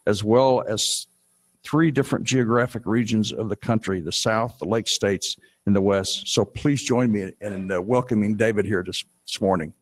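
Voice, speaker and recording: A man's voice: fairly low pitch, slight background noise, rough recording. Man reading out a speaker introduction. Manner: reads aloud, slowing and stumbling on some phrases. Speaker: panel moderator. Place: conference room.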